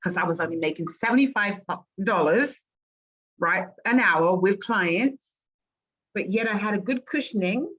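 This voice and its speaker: A woman's voice: medium pitch, unhurried, slightly rough. A middle-aged woman from Great Britain, a life coach telling her story as an interview guest and acting out the voices she quotes. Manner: animated, acts out quoted voices. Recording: dull lo-fi audio.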